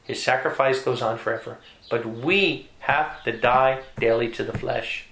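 A man preaching a sermon with emphasis, repeating key phrases and climbing in pitch to stress a point. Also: a little slow, fairly bright tone. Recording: echoey room.

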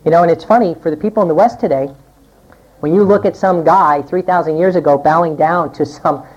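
A woman preacher delivering a sermon and reading scripture aloud, acting out quoted voices with big swings in pitch. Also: fairly quick, darkish tone. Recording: dull lo-fi recording.

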